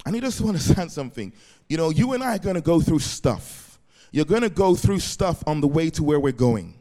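Male preacher, fairly high voice, checks in with the crowd, lots of praise interjections. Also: very animated, brisk, dark tone. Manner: keeps asking the congregation if it makes sense; repeated "praise the Lord" interjections. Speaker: pastor. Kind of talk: sermon.

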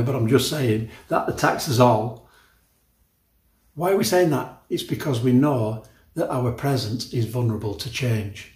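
A man's voice: medium pitch, darkish tone, roomy sound. A man in his sixties preaching a sermon as a pastor, emphatic and chatty, often repeating words and restarting his sentences. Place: church.

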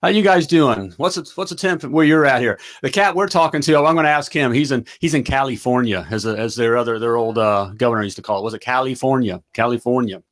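An excitable man hosting a live plumbing business show, hyped up and stumbling over his words. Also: mid-range voice, quick pace, few pauses. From United States. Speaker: host of a plumbing business livestream.

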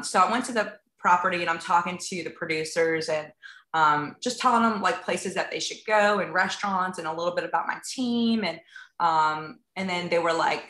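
A woman's voice: on the low side, fairly quick, sharp tone, a little hiss or hum. Chatty woman in an echoey room. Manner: chatty, acts out dialogue, many fillers like "like" and "um". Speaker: realtor and TV show guest. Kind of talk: casual interview chat.

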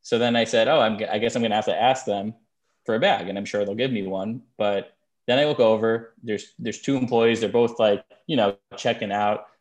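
A man's voice: on the low side, fairly even intonation, a little fast. A man co-hosting a podcast, chatting casually and telling rambling stories with frequent restarts. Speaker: podcast co-host.

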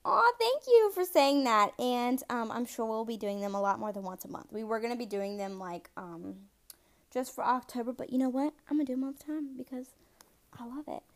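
A woman hosting a casual true-crime podcast, chatty and excitable, talking straight to her listeners and stumbling over words now and then as she reads. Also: a little high, a little fast. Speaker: podcast host.

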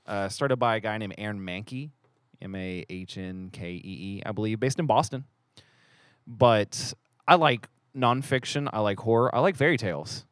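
A man's voice: lowish voice, moderate pace, no room sound, clean studio sound. A man from southern West Virginia co-hosting a podcast, chatty and joking. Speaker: podcast co-host. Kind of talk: casual chat.

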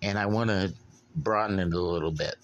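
Solo podcast host, man, low-pitched, profane and laid-back rambler. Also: a little fast, dull audio. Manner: profane, blunt, drinking beer while talking.

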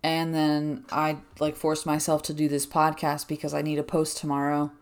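A woman's voice: deep voice, completely flat delivery, moderate pace. A young woman hosting a casual solo podcast, rambling and chatty with lots of "like" fillers, a little out of breath. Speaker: podcast host.

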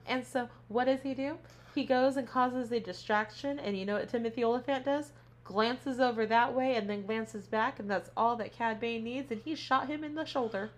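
A woman's voice: a little high, normal speed. A woman co-hosting a casual podcast, animatedly recapping a show and acting out the characters' lines, with plenty of swearing. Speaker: podcast co-host; teacher.

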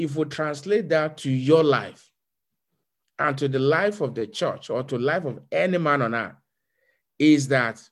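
A man pastor delivering a sermon, preaching in repeated declarations and leading prayer. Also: a little high.

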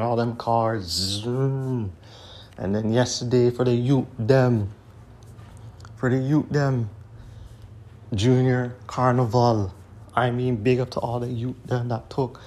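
A man hosts a casual solo podcast. He speaks at a mid pitch and talks bluntly, swinging into rants and tagging his sentences with "you know what I'm saying". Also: darkish tone. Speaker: podcast host. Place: Toronto.

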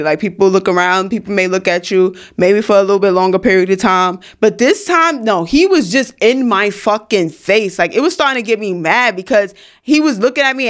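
A young woman tells a storytime straight to camera from her home studio. She talks in an animated, slangy way with plenty of emphasis, and her pitch sits in a middle range for a woman. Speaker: vlogger. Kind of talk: casual storytime.

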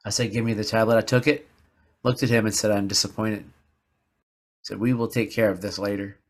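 A man's voice: lowish voice, level tone, normal speed. A man hosting a podcast, telling a personal story in an earnest, confessional way and repeating words for emphasis. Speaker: podcast host. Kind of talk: personal reflective podcast monologue.

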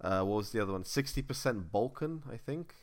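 A young man hosting a podcast, telling stories excitedly in loose slang. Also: on the low side, brisk. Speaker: podcast host. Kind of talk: casual chat.

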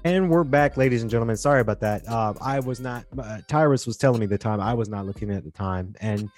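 A man's voice: mid-range voice, quick pace, a little mellow, soft background music. Rambling, earnest young male podcast host. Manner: rambling and earnest, with repeated restarts. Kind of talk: casual podcast monologue.

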